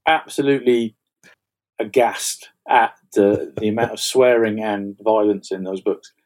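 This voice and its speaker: A man's voice: on the low side, fairly even intonation, unhurried, a little mellow. A man talking as an author guest in a casual conversation, chatty and self-deprecating.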